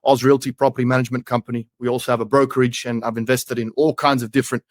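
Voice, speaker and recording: A man's voice: mid-range voice, little pitch movement, racing, no room sound, studio quality. A man in his thirties from Australia with an Australian accent, a jokey, chatty interview guest who keeps saying "mate". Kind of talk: casual interview talk.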